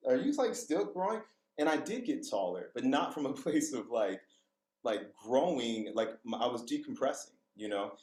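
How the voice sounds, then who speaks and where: A man's voice: mid-range voice, lively intonation, normal speed, a little mellow, roomy sound, poor audio. A man, a vocal coach, telling candid personal stories as a podcast guest, laughing and swearing freely. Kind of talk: casual storytelling interview.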